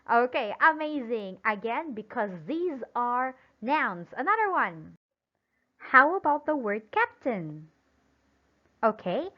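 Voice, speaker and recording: A woman teaching an English lesson slowly and emphatically, pausing for imagined answers and praising them. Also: high-pitched. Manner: praising and drawing out example words. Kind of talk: recorded classroom-style lesson. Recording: dull lo-fi sound.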